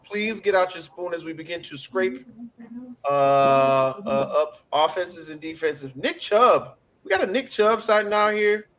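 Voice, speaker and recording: A fairly high-pitched man hosting a casual sports chat, playful and quick to hype things up. He talks loosely and jokes with his friends as he makes his picks. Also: expressive, fairly bright tone. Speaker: host.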